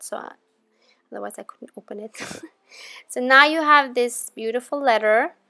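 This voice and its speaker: A woman hosting a crafting channel, talking viewers through her project in a chatty, relaxed voice-over. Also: a little high, dry recording. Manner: chatty and relaxed, with gentle laughs. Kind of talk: casual tutorial voice-over.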